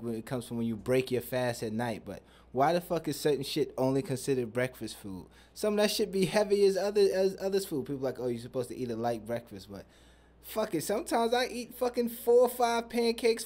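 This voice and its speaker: A man's voice: medium pitch, a little mellow. A young man hosting a podcast, talking in a loose, profane, rambling and joking way. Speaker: podcast host. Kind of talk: casual chat.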